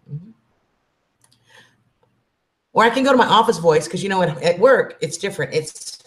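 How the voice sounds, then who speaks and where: A woman's voice: on the low side, animated, moderate pace, long pauses. A woman, chatting casually and affectionately with her livestream viewers and calling them honey. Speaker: livestream host.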